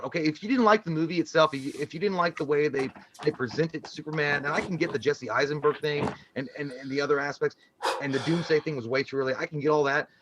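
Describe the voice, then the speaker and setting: A man's voice: fairly high pitch, noisy background. A man co-hosting a casual live stream and reading out chat, profane and rambling, laughing often.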